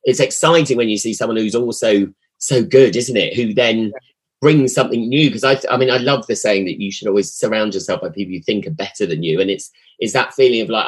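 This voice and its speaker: A man's voice: on the low side, breathy edge. A man hosting a podcast, reminiscing in a rambling, reflective way with lots of asides. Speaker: podcast host. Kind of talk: casual conversation.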